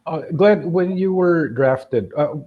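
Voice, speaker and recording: A man hosting a podcast, asking an interview question in a hesitant, halting way. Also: on the high side, expressive, narrow, tinny audio. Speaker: podcast host.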